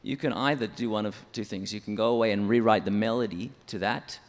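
A man's voice: on the low side, a little fast, long reverb tail. A man who writes songs for church, explaining his method step by step in an interview. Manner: methodical, explanatory, counts syllables aloud. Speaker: church songwriter.

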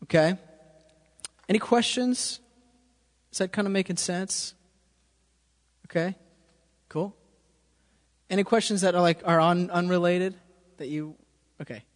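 A man with a high, steady voice gives an unhurried, casual drum lesson, pausing often and checking in with frequent "okay?" The setting is an echoey room with drums playing.

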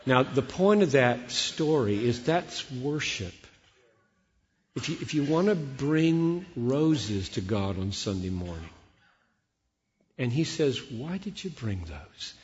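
Preacher, man in his sixties, lively storyteller who acts out the dialogue, live in a big reverberant hall. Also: mid-range voice, slow. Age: 60s. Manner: animated, acts out dialogue, repeats words when excited. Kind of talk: conference sermon with storytelling. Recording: dull sound with long hall reverb.

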